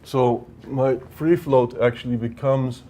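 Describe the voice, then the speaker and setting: A man's voice: medium pitch, steady tone, slow, mellow. A man giving a workshop lecture on project management, explaining step by step and often checking with "right?". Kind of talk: technical lecture at whiteboard.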